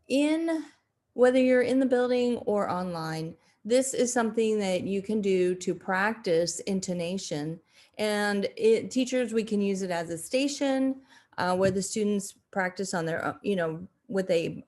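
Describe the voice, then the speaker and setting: Slow-paced woman teaching a video lesson. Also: mid-range voice, a little mellow. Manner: slow, deliberate, with frequent fillers and self-corrections. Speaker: second grade teacher.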